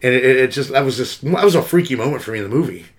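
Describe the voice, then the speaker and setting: A man co-hosting a casual movie podcast, talking in a relaxed way. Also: mid-range voice, rapid-fire. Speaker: podcast co-host. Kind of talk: casual chat.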